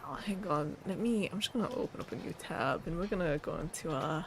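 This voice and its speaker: A woman's voice: low voice, fairly quick, slight background noise. A woman streaming casually, reading viewer submissions aloud and repeating words with a playful laugh.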